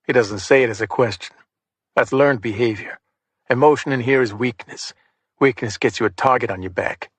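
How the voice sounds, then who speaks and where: A man reads a crime thriller audiobook in the first person, with a measured, hard-boiled delivery. His voice sits at a middle pitch. The recording is dry and close. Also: slightly rough, no room sound. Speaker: audiobook narrator.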